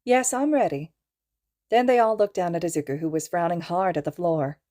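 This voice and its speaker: A woman reading a fan fiction audiobook aloud in a calm, even storytelling manner. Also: fairly low pitch, quick pace. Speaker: podfic reader.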